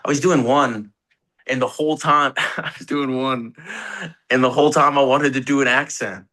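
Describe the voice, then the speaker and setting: Laid-back young man with a bright voice. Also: mid-range voice, fairly even intonation, normal speed. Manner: laid-back, rambling, laughs often, swears casually. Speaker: actor guest. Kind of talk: casual interview chat.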